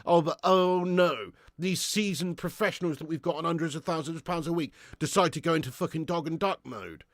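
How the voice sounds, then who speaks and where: A man hosting a live football watch-along, calling the play and chatting casually with viewers, swearing freely and swinging between excited shouts and weary sighs. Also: fairly high pitch, brisk, no room sound, clean studio sound. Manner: casual and matey, thanks viewers by name. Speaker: fan channel host doing live match watch-along.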